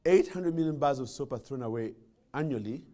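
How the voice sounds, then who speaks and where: A man's voice: medium pitch, a little fast. A man from Uganda, giving a humorous motivational speech as a guest speaker and telling stories with jokes and frequent restarts. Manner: animated storytelling with jokes and repeated restarts.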